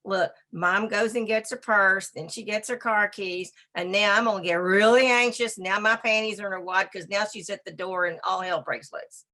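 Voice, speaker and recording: A woman's voice: mid-range voice, fairly even intonation, normal speed, few pauses, pushed and bright, natural voice. A woman voicing an anxious pet dog's worried thoughts in a dramatic inner monologue.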